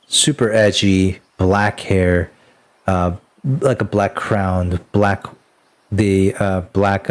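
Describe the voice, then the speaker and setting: Male game master, low-ish voice, slow unhurried delivery, loose rambling narration full of ums and restarts.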